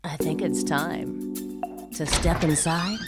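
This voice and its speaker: A woman putting on a seductive, low confessional voice. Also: flat delivery, loud music behind the voice. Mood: sultry. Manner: slow, low, seductive delivery. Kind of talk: put-on sexy voice.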